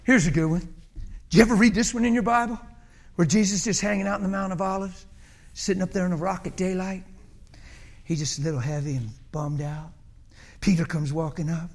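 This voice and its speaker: A man's voice: high voice, fairly even intonation, fairly quick, pauses often. A male pastor preaching a sermon in a folksy, humorous, colloquial way.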